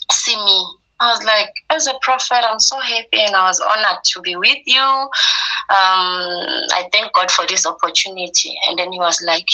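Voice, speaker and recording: A woman's voice: mid-range voice, low-quality recording. A woman telling a personal story, acting out the things people said to her. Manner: quotes herself and others in a lively retelling.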